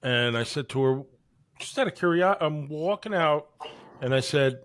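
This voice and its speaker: A man co-hosting a casual chat, telling a rambling anecdote in a relaxed way. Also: a little high, normal speed. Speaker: co-host.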